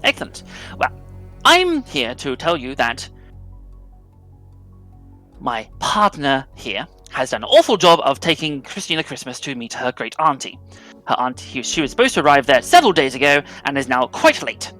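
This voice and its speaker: A scheming raven messenger, played by a man, talks fast and impatiently in clipped phrases. The voice is bright and rises and falls a lot. Faint music plays underneath. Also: mid-range voice, very animated. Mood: cold.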